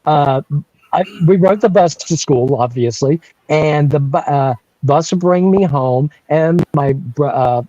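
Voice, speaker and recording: Older guy from north carolina telling a story, kinda high voice, laughs a lot, dull dry audio. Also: unhurried, no room sound. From North Carolina, USA. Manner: animated, laughing often, frequent restarts. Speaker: guest telling a personal story. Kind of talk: casual storytelling.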